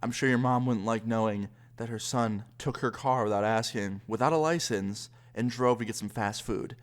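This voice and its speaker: A man voicing a calm, firm male police officer who lectures in measured sentences. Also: mid-range voice, lightly acted. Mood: stern.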